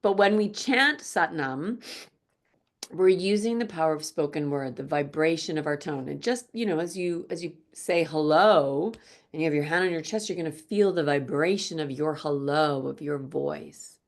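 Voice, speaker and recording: A woman teaching a gentle yoga class, speaking softly and slowly. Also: low voice. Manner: slow, soft-spoken, drifts into quiet chanting.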